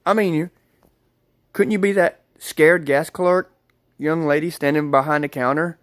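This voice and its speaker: A man's voice: on the high side, fairly even intonation, unhurried, no room sound, clean studio sound. A man telling a rambling story to his viewers, repeating himself and calling them guys. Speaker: vlogger. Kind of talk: casual storytelling to camera.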